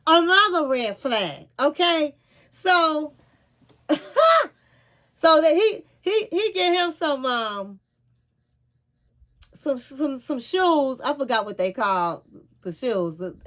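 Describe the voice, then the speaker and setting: A woman vlogger retelling a reality show in a chatty, animated way, often calling the listener "honey.". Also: high voice, takes it slowly, pauses often. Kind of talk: casual storytelling recap.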